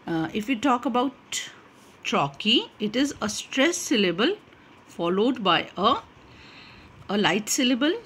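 Slow, lively-voiced woman lecturing. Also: a little high, breathy edge. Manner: explains slowly, repeats points, frequent "uh" fillers. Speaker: literature lecturer. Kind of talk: recorded lecture.

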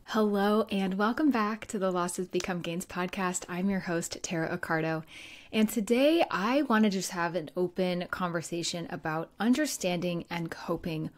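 A woman in her thirties hosts a solo podcast as a grief coach. Her voice sits a little low, and she talks in an easy conversational way with fillers and soft laughs. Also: normal speed, few pauses. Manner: warm conversational, laughs lightly, many fillers.

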